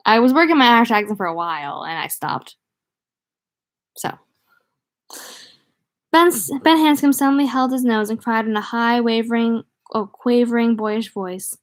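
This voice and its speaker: A woman reads a novel aloud in an easygoing, unpolished way. She gives the dialogue lively voices and breaks off now and then to chat and laugh. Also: on the high side, normal speed. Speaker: audiobook reader. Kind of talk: casual read-aloud of a novel.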